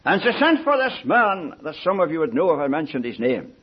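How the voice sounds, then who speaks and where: An older man preaching a sermon in an earnest, pleading way, swinging from soft asides to raised appeals. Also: big pitch swings, brisk, slightly rough. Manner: earnest, pleading, rises and falls in pitch and loudness. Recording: dull lo-fi recording.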